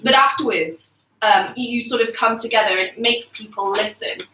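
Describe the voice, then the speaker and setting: Young woman choir director, chatty and explanatory, slightly high voice, recorded from across an echoey kitchen. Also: normal speed, sharp tone. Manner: chatty, explanatory, laughs often. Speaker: artistic director, choir leader. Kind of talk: casual chat on a livestream. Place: home kitchen. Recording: echoey kitchen, mic far off, clear background noise.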